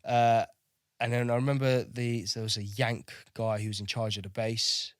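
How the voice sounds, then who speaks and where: A man's voice: medium pitch, level tone, moderate pace, dry recording, studio quality. A man in his thirties, a navy veteran from Kosovo, telling war stories as a podcast guest in a chatty way, swearing freely and repeating words as he goes. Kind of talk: casual interview storytelling.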